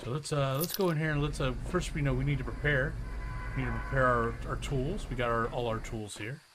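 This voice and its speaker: A man doing a hushed, gentle TV painter. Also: medium pitch, noisy background, close to an everyday voice. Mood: soothing. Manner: hushed, soothing, slow and gentle. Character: soft-spoken gentle male TV painter impression. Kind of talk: gaming stream commentary.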